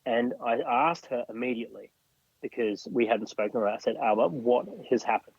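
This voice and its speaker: Speaking a little fast in a mid-range voice that's creaky, husky, and darkish, an Australian man tells a personal story on a podcast. He acts out what others said, and the sound is lo-fi.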